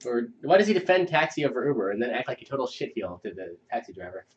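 A man hosting a live screenwriting show, reading a script aloud with quick asides. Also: medium pitch, lo-fi sound. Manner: animated, quick asides between script lines. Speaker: host reading a viewer script. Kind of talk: live chat critique.

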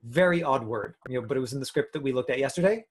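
A man's voice: medium pitch, lively intonation, quick pace. A man teaching an acting class over a video call, in a chatty way with lots of fillers. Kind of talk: casual online class talk.

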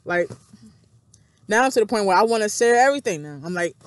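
A woman's voice: mid-range voice, expressive, quick pace, no echo. A woman vlogger in a casual, rambling monologue, thinking aloud, repeating herself and reading scripture aloud between thoughts. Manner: rambling, repetitive, self-reflective, thinking aloud.

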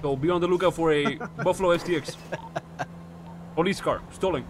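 A man in role-play as a police officer, talking fast and brashly in a slightly high voice. He throws Spanish exclamations into his chatter, with a faint background hum. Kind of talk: in-character game role-play.

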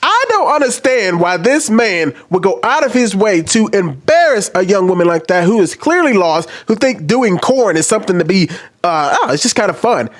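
A man's voice: sits high, very animated, moderate pace. A man ranting indignantly in heated stream commentary, played as a clip.

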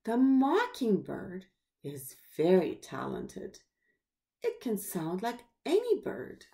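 A woman reading a children's story aloud in a slow, expressive storybook manner. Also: medium pitch, gravelly.

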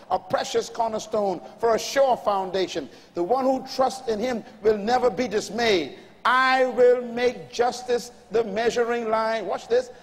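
A pastor from the Bahamas preaches a sermon in an emphatic call-and-response style, reading scripture aloud and urging his congregation to respond. His high voice trails a long reverb tail.

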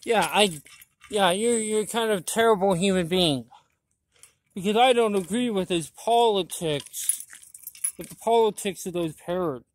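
A woman's voice: mid-range voice, measured pace. A woman vlogger delivering a blunt, profane political rant, indignant and preachy, with many restarts.

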